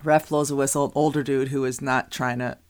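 A woman's voice: very deep voice, fairly quick. A middle-aged woman chatting casually as a podcast co-host, telling stories with lots of laughter and restarts. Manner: animated storyteller, laughs often, many restarts. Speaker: podcast co-host, youth basketball coach. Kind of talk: casual chat.

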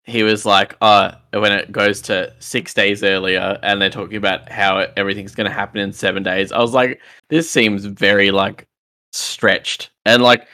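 Brief: man, podcast co-host, low but bright, forceful tone, easygoing and hedging. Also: normal speed. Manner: relaxed, hedging with fillers. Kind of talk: casual film review chat.

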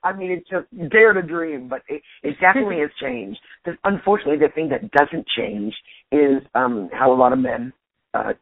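A husky woman in her forties, a stand-up comedian nearly losing her voice, talking in an animated, casual way and restarting her sentences. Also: low-pitched, fairly quick, no echo. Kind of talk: casual interview chat. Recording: tinny dry phone line.

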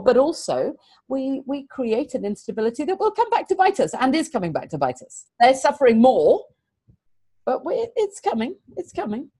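A middle-aged woman speaks in an earnest, animated way, pressing her points by repeating them. The recording is dry and close, with no room sound. She talks like a teacher sharing stories in a conversational interview. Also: mid-range voice, dry recording. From England. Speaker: teacher and guest.

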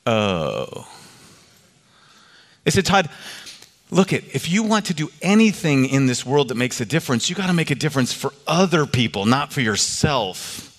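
Male preacher, storytelling sermon, animated delivery, long hall reverb. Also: moderate pace. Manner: animated, rises in pitch for quoted voices.

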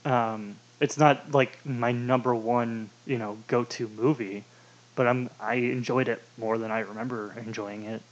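A man's voice: medium pitch, fairly even intonation, unhurried. Rambling man, dull lo-fi sound. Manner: rambling, fills with "like" constantly. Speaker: podcast co-host. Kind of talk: casual movie review chat.

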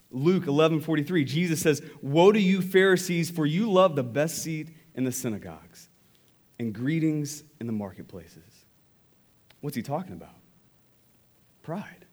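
A man preaching a sermon, telling a personal story in a conversational, animated way before turning to scripture. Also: medium pitch. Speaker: pastor.

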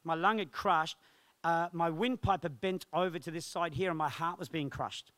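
A male pastor telling a personal testimony in a sermon, animated and acting out the voices of others. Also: a little high, moderate pace, no room sound. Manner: animated storytelling, acts out quoted voices.

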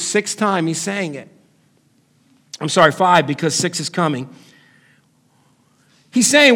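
High voiced guy preaching a sermon, emphatic, gets loud then drops real quiet. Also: normal speed. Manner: emphatic preaching with dramatic swings in pitch and loudness. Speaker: pastor.

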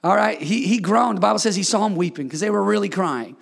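A middle-aged male pastor preaching to his church, his gravelly, high voice ringing through a reverberant sanctuary. He drops to a hush, then rises to shouts and calls the congregation to answer back. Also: lively intonation, fast talker. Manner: call-and-response preaching, swings from hushed to shouted. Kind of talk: sermon.

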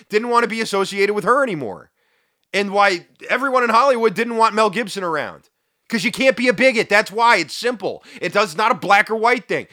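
A man's voice: sits high, pushed and bright, no echo, studio quality. A man hosting a solo podcast, talking in an emphatic, indignant way with sarcastic asides. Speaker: podcast host. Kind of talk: opinionated solo podcast commentary.

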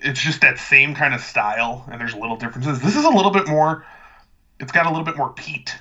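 A man co-hosting a casual podcast in a very bright, cutting voice. He is chatty and rambling, with dry humor. The audio is slightly dull and muffled. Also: mid-range voice, expressive, a little fast. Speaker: podcast co-host. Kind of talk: casual chat.

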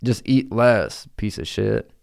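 A young man with a low, deep voice co-hosts a podcast in a studio. His banter is crude and casual, full of swearing and quick laughs. The sound is dry and close. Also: lively intonation, creaky, a little mellow, dry recording. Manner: laughs often, swears, jumps into silly put-on voices. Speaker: podcast co-host.

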